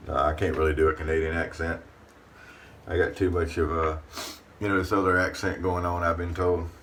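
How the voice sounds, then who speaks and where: A deep-voiced man talks a little fast with flat delivery and a fairly bright tone while hosting his shaving channel from the bathroom. He's folksy and casual with the camera, speaks of himself in the third person, and is captured by a distant mic with faint room noise.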